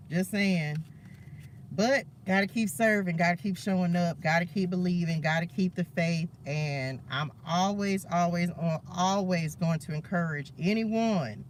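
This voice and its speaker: A man's voice: high-pitched, a little hiss or hum. A man hosting a spiritual live stream, talking fervently and preachily to his viewers and calling them "y'all".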